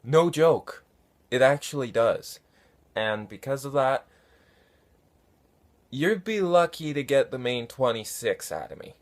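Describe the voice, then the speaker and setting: A man casually answering viewer comments, unhurried and halting, with many fillers. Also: medium pitch, animated. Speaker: fan conlang vlogger answering comments. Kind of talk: casual talk to camera.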